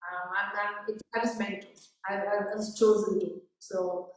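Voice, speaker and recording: A woman's voice: medium pitch, flat delivery, normal speed. Effusive woman host, echoey and distant. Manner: effusive, emotional, repeats herself. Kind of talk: live video interview. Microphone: video call. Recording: echoey room, far from the mic.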